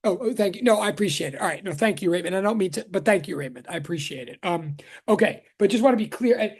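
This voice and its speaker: Rambling professor on a video call. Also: male voice, sits high, expressive, fast talker, husky. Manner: chatty, rambling, greets students one by one with many restarts. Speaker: physics professor. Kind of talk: casual online class greeting.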